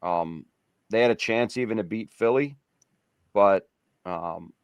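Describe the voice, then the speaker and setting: A man co-hosting a betting show, giving measured and reluctant analysis of games. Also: fairly low pitch, smooth, dry recording, clean studio sound. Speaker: co-host. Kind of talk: casual sports betting chat.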